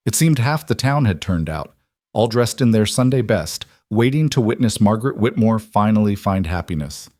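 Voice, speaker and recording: A man narrating a scripted western romance story in a measured, gentle way. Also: fairly low pitch, expressive, no echo, clean studio sound.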